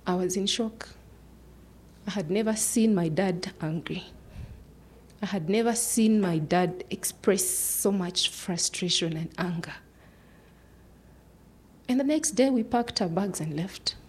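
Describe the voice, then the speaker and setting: Husky-voiced woman telling a personal story. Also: medium pitch, slow, long pauses, a little mellow. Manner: earnest, drops to near-whispers at tense moments. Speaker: human rights lawyer.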